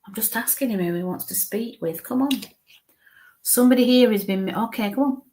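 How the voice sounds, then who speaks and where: A woman working as a psychic medium, giving a live reading in a halting way and breaking off to murmur coaxing asides under her breath. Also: on the high side, mellow, slight background noise. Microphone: live stream mic.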